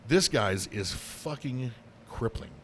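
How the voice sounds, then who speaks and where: A man's voice: medium pitch, animated, takes it slowly, fairly bright tone, slight background noise. A man co-hosting a podcast in casual chat, rambling and swearing freely, with lots of fillers and restarts. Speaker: podcast co-host.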